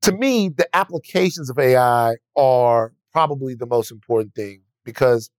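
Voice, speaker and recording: A man's voice: medium pitch, normal speed, darkish tone, no room sound. A man talking on a podcast in a rambling, profane way, often restarting sentences. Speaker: podcast guest. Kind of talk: casual chat.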